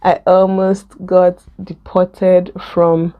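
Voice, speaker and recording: A young woman with a Nigerian accent telling a story in a casual vlog while doing her makeup, lively and laughing often. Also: lowish voice, very slow, smooth, phone-quality sound. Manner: animated, mixes in Pidgin and laughs. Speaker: vlogger.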